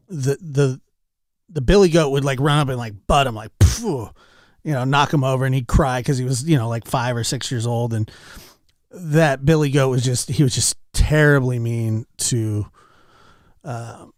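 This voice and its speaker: A man's voice: medium pitch, no room sound, studio quality. A man chatting casually with his stream chat, telling rambling anecdotes and calling out viewers by name. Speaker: livestreamer.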